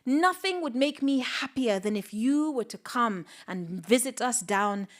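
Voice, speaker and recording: An eager, pleading village man, as a woman storyteller voices him. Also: unhurried. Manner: excited, pleading, bursts up in pitch.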